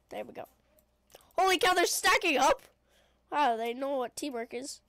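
A woman giving excitable gameplay commentary, chattering and shrieking at the game, sniffly, with a voice prone to cracking. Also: high voice, normal speed, no echo. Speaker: gaming video creator.

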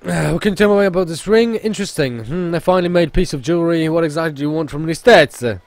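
A man's voice: fairly high pitch, quick pace, no echo, close to an everyday voice. A man voicing a boastful male merchant of rare oddities, with a theatrical, put-on Italian accent that slips now and then. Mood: grandiose. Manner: theatrical, refers to himself in third person, stumbles on the accent.

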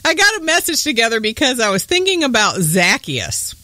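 A woman with a Southern US accent hosting a faith podcast in casual chat, bubbly and quick to laugh. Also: fairly high pitch, no echo. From northern US. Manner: bubbly, laughs often, whoops with excitement. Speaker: podcast host.

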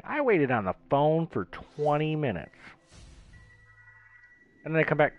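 A man hosting a gaming channel, chatting casually and telling rambling, animated stories. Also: a little high, moderate pace, long pauses, no room sound. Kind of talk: casual chat while gaming. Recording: dull lo-fi voice chat.

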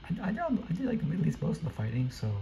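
A young man giving live, excitable commentary while playing a video game, often repeating quick exclamations. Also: a little high, creaky, a little hiss or hum, low-quality recording. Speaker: gameplay streamer.

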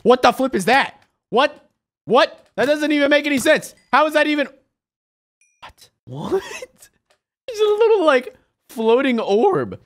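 A young man giving excited, exclamation-filled commentary on a video game as its regular host. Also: a little high, clear, resonant tone. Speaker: gaming YouTuber.

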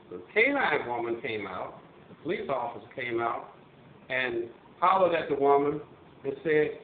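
An older man, a retired police officer from Missouri, telling stories in a halting casual way with many fillers and restarts. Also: mid-range voice, sing-song, slight background noise. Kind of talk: casual storytelling monologue. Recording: tinny phone-like line, roomy echo.

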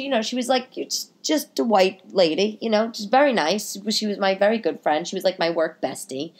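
A woman hosting a podcast, telling stories in a casual, animated monologue that leaps up in pitch for exclamations. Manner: animated, jumps high in pitch for quoted exclamations. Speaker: podcast host.

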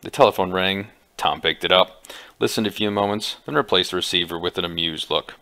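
A man reading an adventure book aloud with small slips, in a gravelly voice. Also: low voice, brisk, pushed and bright. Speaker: audiobook reader. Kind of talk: amateur audiobook reading.

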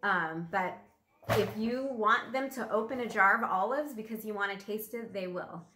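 Background noise accompanies this middle-aged woman's medium-pitched voice as she talks at a normal speed. She's a vlogger chatting casually while opening a pack, rambling and easily amused, and the room sounds echoey with faint music behind.

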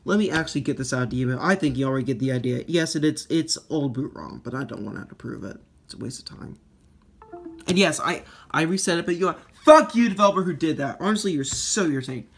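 A man giving casual commentary while demoing phone hacks, rambling and profane, quick to blow up into shouting. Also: mid-range voice, animated, breathy edge. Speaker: iPhone jailbreak tinkerer. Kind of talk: casual screen demo commentary.

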